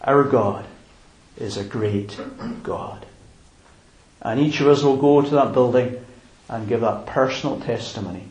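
A man preaches a sermon in a church, emphatic and deliberate. His delivery is very slow, and the voice sits in the middle range. The roomy echo of the church hangs around every word. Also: mid-range voice, darkish tone. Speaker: pastor.

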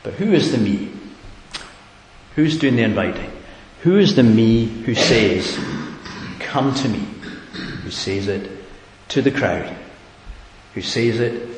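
A man preaching a sermon earnestly, building to emphatic repeated questions. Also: mid-range voice. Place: church hall. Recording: echoey hall with faint hiss.

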